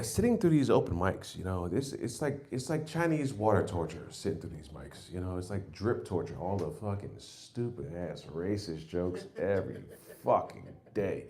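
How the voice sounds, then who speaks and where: A man in his forties doing an open-mic stand-up set, rambling and profane, telling stories with lots of restarts. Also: low voice. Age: 40s. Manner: profane, rambling, animated storytelling. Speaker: stand-up comedian.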